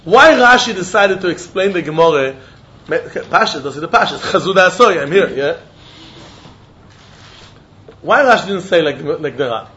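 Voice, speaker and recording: Animated man teaching Talmud. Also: on the high side, moderate pace, pauses often. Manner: animated, acts out quotes, mixes in Yiddish and Hebrew terms. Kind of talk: Talmud lesson. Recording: dull lo-fi recording.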